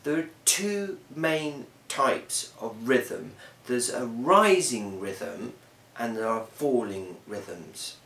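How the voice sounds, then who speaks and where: A man explaining a lesson in a measured way, often pausing with um. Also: medium pitch, animated, vocal fry, a bit bright. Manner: measured, with frequent ums. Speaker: teacher. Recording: roomy, from a distance, faint hiss.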